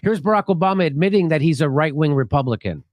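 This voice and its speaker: A man's voice: a little high, lively intonation, fast talker, no echo. A man co-hosting a political talk show, blunt and profane. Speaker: co-host.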